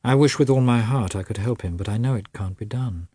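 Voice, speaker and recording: A man reading the lines of a patronizing, learned elder brother in a measured, lecturing way. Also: fairly low pitch, mellow, breathy edge, dry recording, studio quality.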